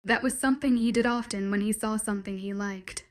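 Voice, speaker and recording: A woman narrating a first-person romance audiobook with an even, steady reading. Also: mid-range voice, fairly quick.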